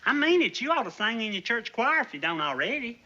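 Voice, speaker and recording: An actor, playing a naive, good-natured young country Marine recruit with a folksy, polite drawl, in a 1960s sitcom. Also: male voice, very high-pitched, sing-song, brisk, pushed and bright, exaggerated voice. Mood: admiring. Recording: dull noisy old TV soundtrack.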